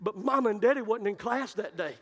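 High, bright-voiced preacher in a hall. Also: male voice, lively intonation, a little fast. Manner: storytelling, building to shouted climaxes. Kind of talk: sermon. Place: church sanctuary. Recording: long reverb of a church hall.

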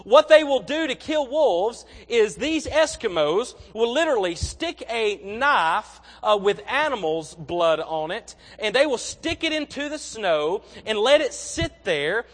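A man's voice: extremely high pitch, sing-song, unhurried, few pauses. A young man preaching a sermon in a folksy, conversational way, often repeating his words as he tells stories. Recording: long reverb of a large hall.

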